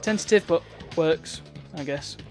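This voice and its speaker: Man, streamer, wry gameplay chatter, slightly high voice, faint game music. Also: measured pace. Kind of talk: casual gameplay commentary.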